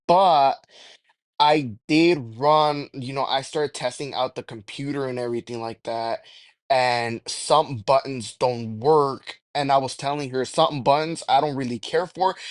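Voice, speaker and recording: A man's voice: mid-range voice, dry recording. A young man telling a rambling, profane storytime with jokey exaggerations. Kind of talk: casual storytime rant.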